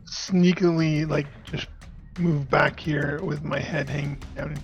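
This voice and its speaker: Higher raspy guy, quick offhand gamer chat, muffled lo-fi mic. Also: flat delivery, a bit bright. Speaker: player. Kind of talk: casual game chat. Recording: dull lo-fi mic with faint noise.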